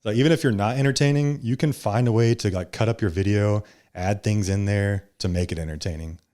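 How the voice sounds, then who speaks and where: A young man as a podcast guest, talking in a laid-back, casual way with a fairly monotone delivery. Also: lowish voice, a little fast. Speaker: podcast guest, social media creator.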